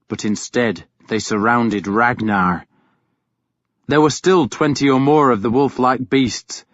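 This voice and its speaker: A man reading an audiobook as scripted first-person narration, grave and measured. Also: mid-range voice, a bit bright, no echo. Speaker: audiobook reader. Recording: dull, dry studio recording.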